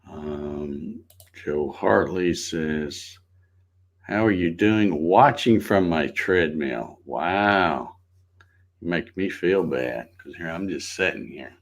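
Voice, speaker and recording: A middle-aged man with a very low voice hosts a casual morning livestream. He talks in an easygoing, folksy way and greets his viewers one by one by name. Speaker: livestream host.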